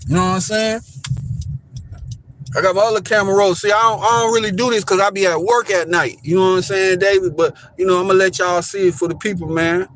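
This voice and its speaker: A man's voice: sits high, fairly even intonation, fast talker, fairly bright tone, a little hiss or hum. Rambling man streaming from his car. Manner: rambling, repeats himself, keeps pointing things out to viewers. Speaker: live streamer. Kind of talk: casual live-stream commentary. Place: inside a car driving downtown. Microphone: phone camera.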